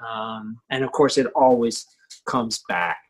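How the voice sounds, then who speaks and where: A man teaching poetry craft as a professor, thoughtful and unhurried, often checking in with the listener and pausing on fillers. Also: mid-range voice, rough recording.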